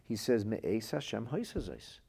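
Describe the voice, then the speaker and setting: A man's voice: lowish voice, big pitch swings, measured pace, gravelly, mellow, husky. A man teaching a Torah class as a rabbi, reading phrases from classic texts aloud and translating them into plain speech. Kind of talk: lively text-based Torah lesson.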